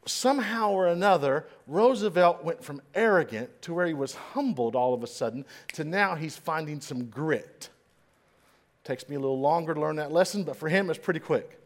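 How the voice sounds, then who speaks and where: A middle-aged man giving an inspirational speech, telling a story dramatically and swinging between hushed and loud. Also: fairly high pitch, expressive, normal speed. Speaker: motivational speaker. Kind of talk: inspirational speech to a live audience.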